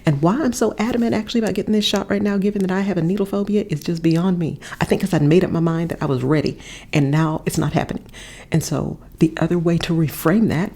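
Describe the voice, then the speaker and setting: Earnest woman coach, husky low voice. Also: mellow. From Texas. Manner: earnest, emphatic repetitions, drops to a whisper at times. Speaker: podcast host and coach. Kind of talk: reflective motivational monologue. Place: a friend's house, not her usual space. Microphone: different setup than usual.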